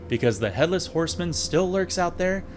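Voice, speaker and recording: A man's voice: on the high side, lively intonation, moderate pace, background noise. A man casually reviewing an old episode with sarcastic, jokey asides. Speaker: video reviewer.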